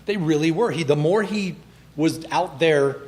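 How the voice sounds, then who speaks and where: A man's voice: fairly high pitch, a little slow, a little mellow, a little hiss or hum. Laughing, storytelling man guest. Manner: storytelling, laughing asides, acts out quotes. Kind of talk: casual podcast chat.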